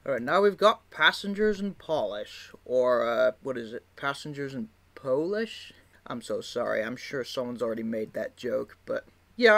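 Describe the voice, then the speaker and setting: Male video creator, mid-pitched, loose and rambling, laughs a lot. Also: creaky, a bit bright. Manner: rambling, many fillers, laughs often. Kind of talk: casual video commentary.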